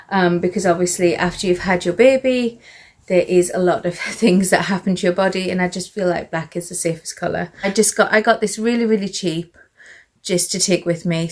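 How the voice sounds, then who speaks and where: A British woman chatting through a casual show-and-tell vlog, a little out of breath, rambling with fillers and asides. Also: medium pitch. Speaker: vlogger.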